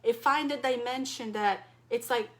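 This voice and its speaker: A woman's voice: on the high side, normal speed, a bit bright. A woman from Europe, a wellness coach, speaking directly and passionately to her support group, full of rhetorical questions. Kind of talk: impassioned direct-to-camera talk.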